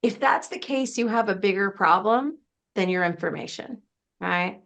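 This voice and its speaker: A woman's voice: mid-range voice, moderate pace, gravelly. A woman business coach presenting a casual webinar, chatty and emphatic, often laughing between points.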